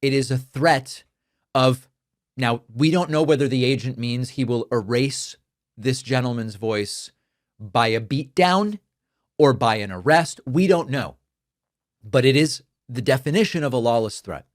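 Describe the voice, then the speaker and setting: A man whose first language is Spanish delivers an emphatic, argumentative political commentary monologue as host. His pitch sits in an ordinary middle range for a man, and the close, dry recording has almost no room sound around it. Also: lively intonation, measured pace, dry recording.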